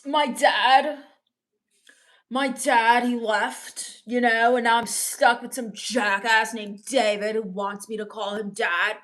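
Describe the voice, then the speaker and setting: A woman's voice: on the high side, slow. A woman doing a mopey sixteen-year-old goth girl. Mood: sulky. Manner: mopey, deadpan and scornful. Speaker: comedian streaming live. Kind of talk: live-stream character comedy reading chat.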